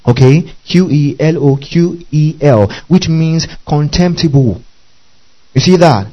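A man teaching a Bible passage verse by verse, often pausing to ask his listeners if they follow. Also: on the high side, lo-fi sound. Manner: checks in often with "okay?" and "you see that?".

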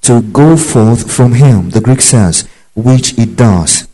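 A man's voice: mid-range voice, expressive, takes it slowly, mellow, low-quality recording. A man preaching a Bible teaching, emphatic and repetitive, checking in with his listeners. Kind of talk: sermon-style Bible teaching.

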